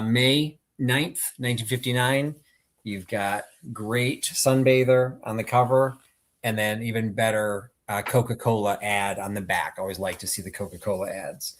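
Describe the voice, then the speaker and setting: A man co-hosting a live-streamed sale, presenting his items in a casual, wry, self-deprecating way. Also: fairly low pitch. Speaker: live sale co-host seller. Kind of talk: live-stream auction patter.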